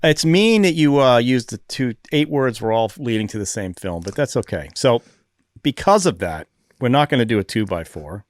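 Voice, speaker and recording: A man's voice: mid-range voice, lively intonation, normal speed, dry recording, clean studio sound. A man co-hosting a film podcast who talks hesitantly and often trails off mid-thought. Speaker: podcast co-host. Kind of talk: casual film review chat.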